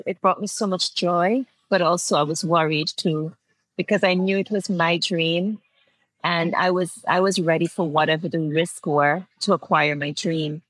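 A woman's voice: on the low side, fairly bright tone, dry recording, low-quality recording. A woman in her forties from Antigua, telling a personal story as an interview guest in a heartfelt way, laughing through tears and restarting phrases. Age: 40s.

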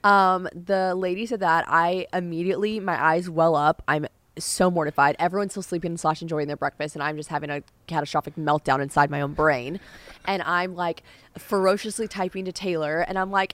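A young woman hosting a podcast, telling stories in a lively way and acting out the voices of others. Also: on the low side, a little fast, no echo. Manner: animated storytelling, acts out quoted voices. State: sinus infection. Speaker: podcast host. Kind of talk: casual podcast chat.

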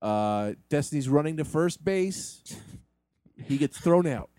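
A man narrating and directing an improvised comedy sketch, with a deadpan, bossy and easily exasperated manner. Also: fairly high pitch, unhurried, no room sound.

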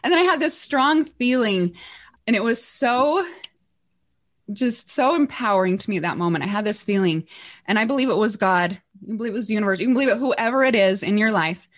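A middle-aged woman, a podcast guest and entrepreneur, telling a personal story in an animated, earnest way. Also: mid-range voice, brisk. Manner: animated, earnest, acts out quotes.

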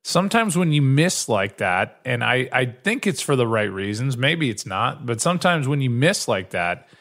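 A man's voice: mid-range voice, big pitch swings, moderate pace, fairly bright tone. A middle-aged man co-hosting a casual chat, rambling through stories and acting out quotes in other voices. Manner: rambling storyteller, acts out quotes. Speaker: podcast co-host.

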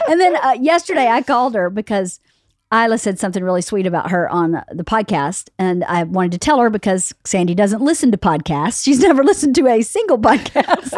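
Lively high-voiced woman, blunt and teasing. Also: a little fast, dry recording, clean studio sound. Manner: blunt, teasing, swears freely. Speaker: podcast host. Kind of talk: casual chat among friends.

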